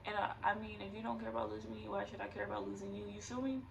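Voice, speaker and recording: Young adult woman, vlogger voice, gravelly and tearful, loose candid rambling, recorded from a distance with faint noise behind. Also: mid-range voice, level tone, rapid-fire. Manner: rambling, fillers, nervous laughter. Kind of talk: candid personal vlog.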